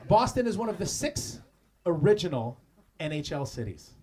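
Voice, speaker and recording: A man's voice: a little high, very animated, a little slow, darkish tone. A man from Canada doing stand-up roast insults on a comedy club stage, with crude, mocking punchlines. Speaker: roast battle comic. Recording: noisy live club recording.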